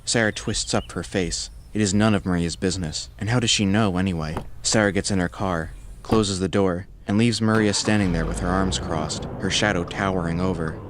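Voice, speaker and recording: A man narrating a horror story in a measured, scripted storytelling voice. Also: low-pitched, fairly even intonation, noisy background.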